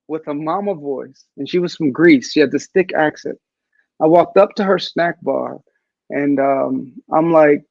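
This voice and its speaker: Gravelly man telling a story on a video call. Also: fairly high pitch, measured pace, no echo, dull audio. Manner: animated storyteller, acts out quoted voices. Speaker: guest speaker.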